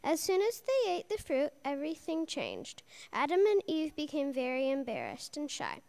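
A woman reading a Bible story aloud to children in a lively storytelling way, giving the characters their own voices. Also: sits high, moderate pace, vocal fry.

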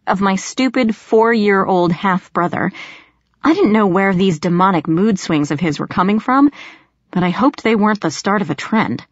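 A woman's voice: mid-range voice, expressive, normal speed, no room sound. A woman narrating a first-person audiobook with tension, snapping sharply in her own dialogue. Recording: slightly dull lo-fi audio.

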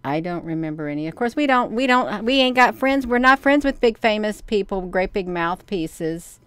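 A woman's voice: mid-range voice, animated, moderate pace, clear, resonant tone, no room sound. A woman hosting a casual livestream, rambling and answering viewers' comments. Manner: folksy, rambling, says "you all" and "honey". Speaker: livestream host.

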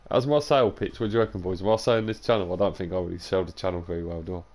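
A young man with a low, gravelly voice rambles casually to his live stream audience. He is tired and talks loose and sweary between bits of gameplay. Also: a little mellow. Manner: loose, sweary banter to chat, drifting into sing-song and whispers. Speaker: game streamer.

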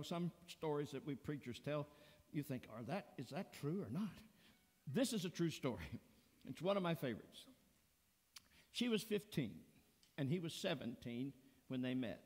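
A man preaching a sermon as pastor, telling a story slowly and deliberately. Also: a little high. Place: church sanctuary. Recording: long church reverb.

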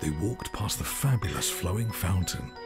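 Storybook narrator reading a rhyme in a deep lively voice, game music behind. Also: female voice, moderate pace. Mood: storytelling. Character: gentle female bedtime storyteller. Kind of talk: rhyming bedtime story reading.

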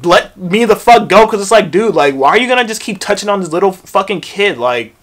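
A man's voice: high-pitched, brisk. Profane young man telling a storytime. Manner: profane, animated retelling with acted-out quotes. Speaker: vlogger. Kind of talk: storytime vlog.

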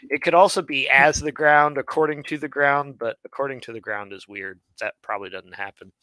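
A man of middle pitch teaches grammar in a live online lesson, his voice recorded close and dry. He is playful, slipping in puns and jumping in with comments. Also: sharp tone, dry recording. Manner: playful, quick to interject and pun. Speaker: co-host teaching Biblical Hebrew.

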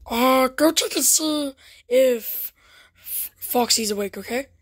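A woman's voice: high voice, takes it slowly, no echo, clean studio sound. A woman voicing a sleepy male bear animatronic in a fan plush-toy drama, with a drowsy murmur.

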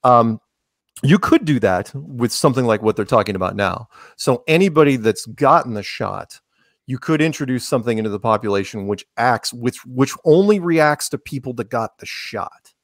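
A man's voice: medium pitch, lively intonation, normal speed, no room sound, clean studio sound. A man talking casually as a podcast guest, rambling with many restarts and sarcastic asides. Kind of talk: casual conversational interview.

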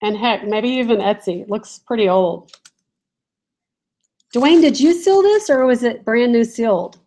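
A chatty woman with a slightly high voice, talking casually to viewers on a live stream from home. She giggles often and reads comments aloud as she goes. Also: lively intonation, unhurried, mellow, rough recording. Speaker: reseller vlogger. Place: home, in a room with barking dogs.

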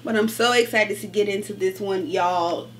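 A woman chatting casually about her book haul, animated and gushing, calling her viewers y'all. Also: mid-range voice, moderate pace, a little hiss or hum. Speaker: book vlogger.

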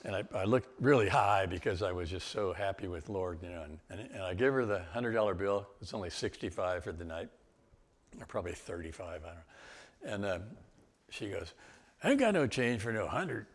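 Speaking a little fast in a deep voice, an older guest speaker shares his testimony. His storytelling is animated, punctuated by laughter and abrupt exclamations.

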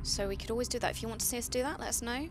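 A young woman co-hosting a let's play chats casually over a video game, her voice a little high and her speech racing. She's chatty and giggly and slips into playful, silly voices.

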